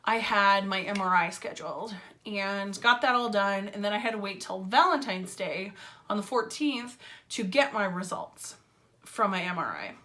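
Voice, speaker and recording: A woman's voice: mid-range voice, animated, moderate pace, bright, forceful tone. A woman telling a casual story-time vlog in a chatty, filler-heavy way, with wry sarcasm. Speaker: vlogger.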